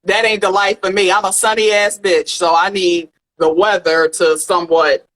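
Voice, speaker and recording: A woman co-hosting a casual podcast chat, animated, laughing often and swearing freely. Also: on the low side, normal speed, poor audio. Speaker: podcast co-host.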